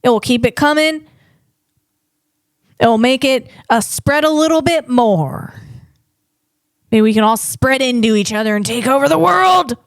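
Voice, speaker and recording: A woman comedian hosting her own podcast, reading facts and breaking off into playful riffs. Her voice sits fairly high, and she talks slowly, tripping over tricky words. The sound is dry and close. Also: expressive, no room sound. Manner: playful, riffing asides, stumbles on hard words. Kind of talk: solo comedic podcast monologue.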